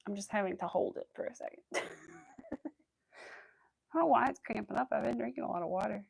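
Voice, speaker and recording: A woman's voice: medium pitch, fast talker, gravelly, long pauses, a little mellow, breathy edge, no room sound. A young adult woman hosting a crochet livestream, chatting casually and rambling with lots of filler words. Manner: laughs often and greets viewers. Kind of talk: casual chat while crafting.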